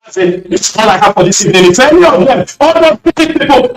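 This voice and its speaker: A man calling in to a radio show, speaking emotionally in rapid-fire accusations and shouting at times. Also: sits high, lively intonation. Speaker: caller. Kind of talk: impassioned radio call-in speech. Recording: echoey and distant line.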